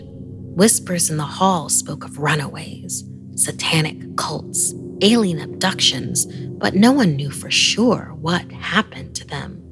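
A woman narrating a first-person horror story in a measured, hushed storytelling manner, sometimes sinking almost to a whisper. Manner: slow, low and gravelly, dropping to hushed whispers.

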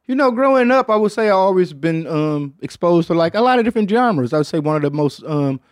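With studio-quality sound and no echo, this podcast host from Detroit talks fast in a high-pitched, expressive voice. He rambles casually, uses lots of slang, swears often, and ends many lines with "man."

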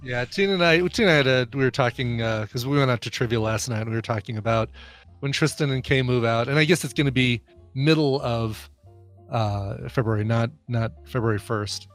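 Wry man trading quick quips. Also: mid-range voice, fairly bright tone, soft background music. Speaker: podcast co-host. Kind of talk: casual comedy chat.

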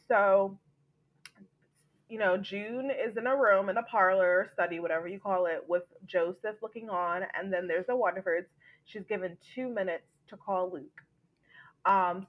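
A woman's voice: medium pitch, dull audio. A woman hosting a podcast, animatedly recapping a TV episode and acting out the characters' lines. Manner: animated storytelling, acts out quotes. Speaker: podcast host.

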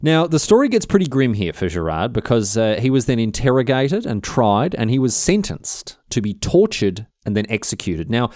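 A man's voice: medium pitch, sing-song, moderate pace, few pauses, a little mellow, no room sound, clean studio sound. A man with an Australian accent telling a history story casually, chatty and slangy, with many restarts.

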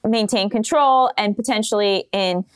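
A woman's voice: medium pitch, normal speed, smooth. A woman co-hosting a podcast, talking earnestly and thinking aloud in a casual chat. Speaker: podcast co-host.

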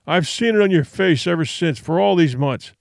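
A man voicing a hoarse, drunken ship captain who snarls his accusations in an agitated, resentful way. He sounds like a character read aloud from an audiobook. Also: fairly high pitch, expressive, moderate pace, no room sound, studio quality.

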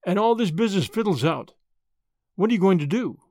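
Brief: reader playing a bold, businesslike American suitor, lively delivery, dry close audiobook sound. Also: mid-range voice, brisk, dry recording. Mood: blunt. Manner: blunt, businesslike, persistent. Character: brash, confident young American man. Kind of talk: audiobook character voice.

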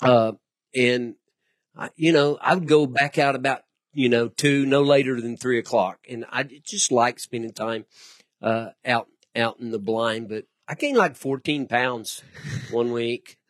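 A middle-aged man talking casually as a podcast guest, relaxed, often breaking in to correct details. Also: mid-range voice, a little slow, dry recording. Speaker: guest, the host's father. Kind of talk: casual conversation.

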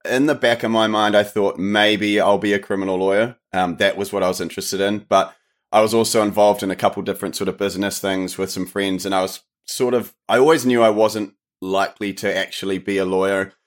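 Easygoing New Zealand man, lowish voice. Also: fairly even intonation, brisk. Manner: easygoing, hedging with lots of "sort of". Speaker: podcast guest. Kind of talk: casual interview chat.

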